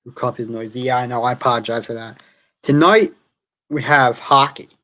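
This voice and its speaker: A man's voice: medium pitch, fairly even intonation, moderate pace, fairly bright tone. A man hosting a casual sports talk show. He is an opinionated fan who thinks aloud, corrects himself, and reads statistics off the screen.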